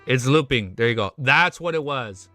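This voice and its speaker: A man streaming live, reading a novel aloud and breaking off into excited, swearing reactions. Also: medium pitch, moderate pace, soft background music. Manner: excitable, swears often, sudden loud outbursts.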